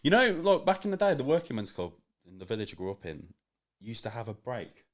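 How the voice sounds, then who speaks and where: A man's voice: mid-range voice, very animated, quick pace. A man with a Birmingham accent, a podcast guest in casual, sweary banter. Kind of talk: casual chat.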